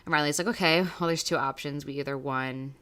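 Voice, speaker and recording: A young woman co-hosts a casual recap podcast, talking in an emotional, rambling way and swearing freely. Her voice is bright and forceful, sitting a little low in pitch. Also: steady tone, a little fast, clean tone. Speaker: podcast co-host.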